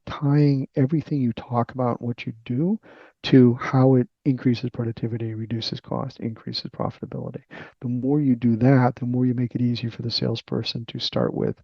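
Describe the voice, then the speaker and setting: A man with a Boston accent, a company CEO answering interview questions in a halting way, with many fillers and restarts. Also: medium pitch, gravelly, dry recording, muffled recording. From Boston area.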